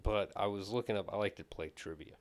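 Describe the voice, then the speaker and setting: A man chatting casually on a podcast, telling stories and reading trivia riddles aloud, getting animated when he quotes people. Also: lowish voice, fairly quick. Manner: storytelling, animated when quoting others. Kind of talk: casual chat.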